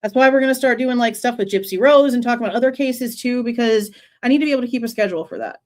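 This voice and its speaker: A young woman with a high voice hosts a casual true crime livestream. She talks in a loose, chatty way and sounds exasperated. She keeps breaking off to greet viewers in the chat by name. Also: fast. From Texas.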